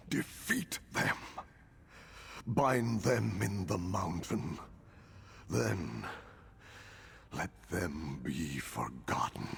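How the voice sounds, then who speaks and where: An actor playing an ancient, solemn male druid elder in video game dialogue, speaking in a gravelly, commanding way. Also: low-pitched, fairly bright tone, full character voice.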